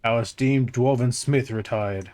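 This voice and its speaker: A man reading the lines of a formal, solemn king in a slow, measured way, close to his own voice. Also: mid-range voice, a little mellow, lightly acted. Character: solemn regal king welcoming a new smith.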